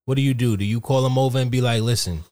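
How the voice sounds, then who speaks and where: A man co-hosting a casual podcast, spinning loose, profane stories about his kids. His voice sits at a middle pitch and sounds dry and close to the mic. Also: fast talker, warm tone, no room sound. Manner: loose, joking, profane storytelling. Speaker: podcast co-host, father.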